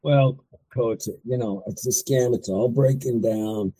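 Blunt guy cohosting talk radio, very dark husky voice, gravelly. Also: mid-range voice, unhurried, low-quality recording. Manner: blunt, dismissive, reassuring.

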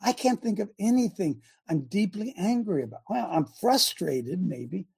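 A woman hosting a talk show, talking in an emphatic, rambling way, breaking off her own sentences and bursting into shouts. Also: mid-range voice, lively intonation, moderate pace, vocal fry, breathy edge. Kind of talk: animated talk show monologue.

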